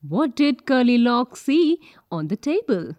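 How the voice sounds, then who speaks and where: A woman reading page numbers, vocabulary and questions from a school textbook in a clear, careful classroom manner. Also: fairly high pitch, sing-song, measured pace, a little mellow, no echo. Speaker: textbook reader. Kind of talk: reading lesson prompts and questions.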